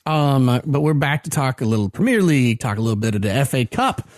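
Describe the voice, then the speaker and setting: A man's voice: mid-range voice, lively intonation, fairly quick, no echo, clean studio sound. A man hosting a casual podcast with friends, joking and playful. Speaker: podcast host. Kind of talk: casual chat.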